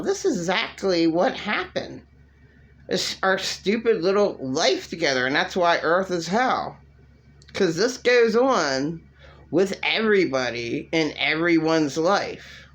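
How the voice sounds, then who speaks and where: Low-voiced woman ranting slowly. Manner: rambling, agitated, repetitive. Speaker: vlogger. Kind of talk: casual rant to camera.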